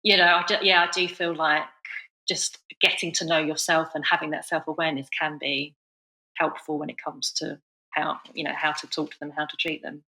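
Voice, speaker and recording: A woman's voice: low-pitched, little pitch movement, a little fast, sharp tone, roomy sound, rough recording. A woman hosting a parenting podcast, talking reflectively in casual conversation, with many fillers. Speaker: podcast host.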